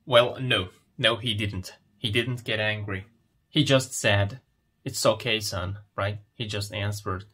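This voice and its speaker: Slow, bright-voiced man. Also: on the low side, fairly even intonation. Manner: asks questions and answers them himself. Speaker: English teacher. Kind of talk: slow explanatory lesson, reading a picture story.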